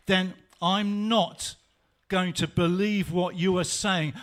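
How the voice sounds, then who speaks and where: A man's voice: sits high, fairly bright tone. A man preaching, voicing a doubting, insistent disciple. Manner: insistent, exasperated. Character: doubting disciple Tom, stubborn grown man.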